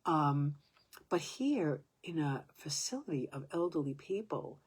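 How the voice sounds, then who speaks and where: A woman in her seventies telling a personal story in a halting way, restarting sentences and sometimes dropping to a whisper. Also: low-pitched, very animated, slightly rough. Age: 70s.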